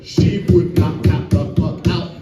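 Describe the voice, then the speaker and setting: A man's voice: a little high, fairly even intonation, takes it slowly, loud music behind the voice. A man doing a crude stand-up comedy set, laughing at his own jokes, with a live audience laughing behind him. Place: distillery venue with live audience. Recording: distant, echoey, muffled venue recording.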